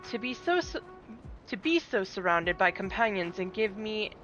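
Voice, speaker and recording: Woman reading as a stiff old-fashioned cat knight, solemn, muffled recording, soft music underneath. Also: mid-range voice, sing-song, moderate pace. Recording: dull lo-fi with game music.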